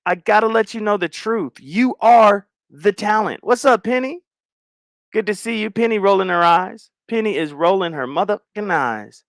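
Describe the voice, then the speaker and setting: A middle-aged man hosts a livestream and greets his chat one name at a time, bantering loosely in slang. His voice sits a little high. The sound is dry and close, with no room in it. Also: normal speed, no room sound. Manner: loose slangy banter, shout-outs to viewers.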